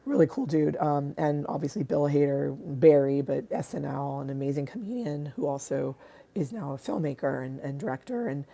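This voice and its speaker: Hoarse raspy woman on a livestream. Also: low voice, normal speed, dark tone. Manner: rambling, many fillers and restarts. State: hoarse from screaming. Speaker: artist hosting a livestream. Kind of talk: casual livestream chat.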